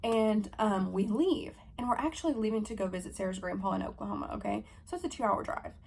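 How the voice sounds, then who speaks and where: A young woman in her twenties telling a story to camera in a fast, profane, animated vlog style, acting out her own heated lines. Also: medium pitch, creaky, slightly rough. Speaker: vlogger. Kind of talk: storytime vlog, casual chat.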